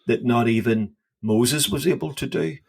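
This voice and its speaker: A man co-hosts a casual Bible podcast in a gravelly, slightly rough voice of middling, medium pitch at a normal speed. Full of eager enthusiasm, he keeps looping back over his own words as he works out an idea aloud.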